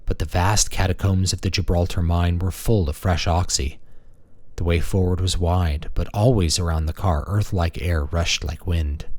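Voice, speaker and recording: A man reading a science fiction audiobook in a steady, measured way. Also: low-pitched, no room sound. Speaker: audiobook narrator. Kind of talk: scripted narration.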